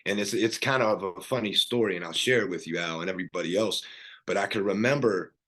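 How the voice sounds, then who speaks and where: A man's voice: low-pitched, fast talker, fairly bright tone. A middle-aged man, a podcast guest, earnestly telling his life story in casual conversation, rambling with fillers and restarts.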